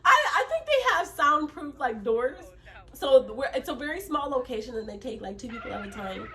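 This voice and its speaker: Lively, animated woman vlogger. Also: sits high, normal speed, slight background noise. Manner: animated, laughing often, many restarts. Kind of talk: casual storytelling to camera.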